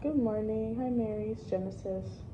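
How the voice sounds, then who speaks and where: A woman's voice: on the high side, steady tone, normal speed, lo-fi sound. Chatty young woman vlogging from work. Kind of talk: casual vlog chat. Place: indoor workplace at opening time. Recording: noisy workplace background.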